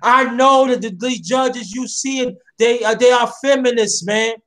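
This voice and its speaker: A man's voice: very high-pitched, fairly even intonation, measured pace, a bit bright. A man hosting a casual chat, talking with passion and addressing listeners directly, often repeating himself. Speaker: host.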